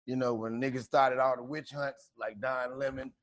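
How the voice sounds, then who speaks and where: A man's voice: mid-range voice, little pitch movement, moderate pace, highs cut off. A male comedian host in a mid-range voice, asking questions loosely and casually. He swears freely and leans on fillers as he talks. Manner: loose, filler-heavy, profane. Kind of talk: casual interview chat.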